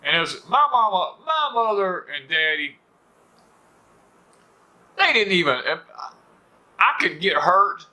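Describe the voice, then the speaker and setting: A man's voice: sits high, big pitch swings, takes it slowly, long pauses, bright, forceful tone. A middle-aged man with a Southern US accent, hosting a rambling, folksy porch talk for viewers and leaning on "you know" fillers. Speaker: homestead channel host. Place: on a porch at home.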